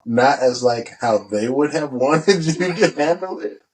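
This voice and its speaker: A man hosting a casual chat with his older brother, laid-back and quick to laugh along. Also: mid-range voice, animated, distant mic, poor audio. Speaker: host, guest's younger brother. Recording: voice set back from the mic.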